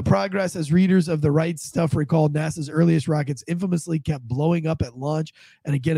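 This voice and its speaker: A man's voice: a little high, gravelly, warm tone, dry recording. A man hosting a casual news commentary show with a stuffed-up head cold, rambling with many fillers and restarts. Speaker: host.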